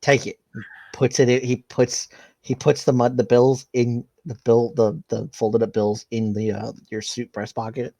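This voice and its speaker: A man's voice: medium pitch, flat delivery, moderate pace, creaky, mellow, no echo. A man narrating as game master of a tabletop game in a loose, rambling way with many restarts.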